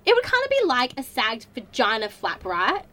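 A woman's voice: a little high, huge pitch swings, normal speed, fairly bright tone. A woman playing Wendy, a bubbly, ditzy young woman who gushes and chatters in a comedy audio drama. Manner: giggly, chatty, valley-girl gushing.

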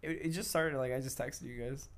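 A man's voice: medium pitch, fairly even intonation, a little fast. A young man co-hosting a casual podcast, rambling and restarting, swearing often. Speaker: podcast co-host. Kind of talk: casual chat.

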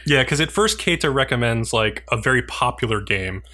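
A man in a casual co-hosted conversation, talking loosely with plenty of fillers and easy chuckles. His voice is bright and forward, at an ordinary middle pitch. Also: brisk. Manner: relaxed, filler-heavy, chuckling. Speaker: podcast co-host. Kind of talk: casual anime recap chat.

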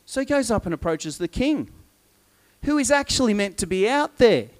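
A man preaches in an animated, storytelling way and slips into voices for the people in his tale. His voice sits a little high for a man. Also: moderate pace. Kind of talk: sermon.

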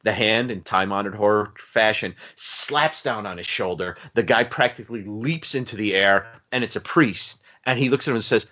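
A man's voice: on the low side, normal speed, hardly any pauses, highs cut off. A man co-hosting a podcast, chatting casually about a TV movie, rambling with restarts and fillers. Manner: rambling, lots of restarts and fillers, animated retellings. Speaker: podcast co-host. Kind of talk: casual chat reviewing a TV movie.

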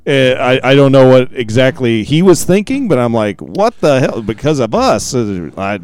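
A man's voice: mid-range voice, very animated, moderate pace, darkish tone, clean tone, soft background music. A man co-hosting a casual chat, telling rambling self-deprecating family stories.

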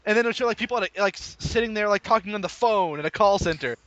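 Young man, high bright voice, animated storyteller who laughs often. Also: rapid-fire, dry recording, muffled recording. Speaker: new call center employee. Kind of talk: casual chat.

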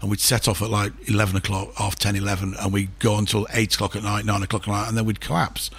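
Podcast guest, male, low husky voice, rambling storyteller. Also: level tone, quick pace, fairly bright tone. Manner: rambling anecdotes with many restarts and fillers. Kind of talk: casual chat.

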